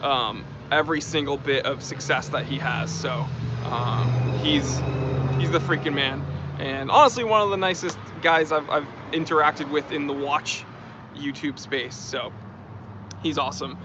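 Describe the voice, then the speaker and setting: A man's voice: fairly high pitch, measured pace, background noise. A man hosting a casual live stream, chatting and reading out and thanking viewer comments. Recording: dull lo-fi stream audio.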